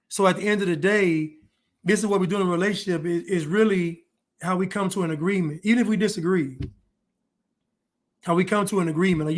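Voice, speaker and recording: High-voiced man lecturing on relationships. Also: a little fast. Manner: preachy, lecturing. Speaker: commentator. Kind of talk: reaction commentary.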